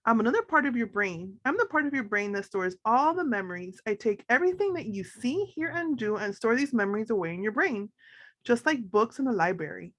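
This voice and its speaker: A woman voicing a gentle, motherly hippocampus character in a storybook who calls the girl dear. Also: on the high side, big pitch swings, brisk, no room sound, studio quality. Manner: soft, fond, calls everyone dear. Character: kind motherly female hippocampus, gentle and a bit scatterbrained.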